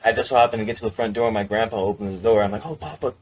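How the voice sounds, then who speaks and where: A man's voice: on the low side, little pitch movement, racing, slight background noise. A young man, a band member guest on a podcast, telling a long story casually in a rambling way, full of "like" and restarts.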